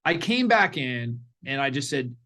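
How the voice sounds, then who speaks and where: A middle-aged man, a parenting coach guest in a podcast interview, telling stories in an animated way and acting out what people said. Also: medium pitch, a little slow. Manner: animated storyteller, acts out quotes.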